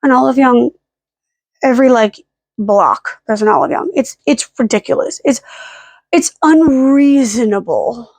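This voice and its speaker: Casual vlogger, woman, a bit high-pitched, rambling and self-mocking, dry close sound. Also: animated, a little slow, darkish tone, dry recording. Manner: rambling, self-deprecating, with frequent "like" and "um" fillers. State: hiccuping and burping. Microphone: camera held at arm's length.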